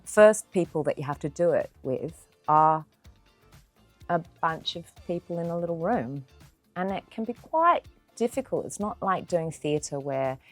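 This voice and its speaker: Deep-voiced Australian actress telling stories. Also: female voice. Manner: expressive storyteller who acts out quoted voices. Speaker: actor. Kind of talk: interview anecdotes.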